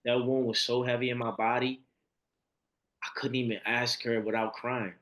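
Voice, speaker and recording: A man who is a podcast guest, telling a personal story in conversation and acting out the quotes, moving between a hushed voice and high, excited bursts. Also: normal speed, muffled recording.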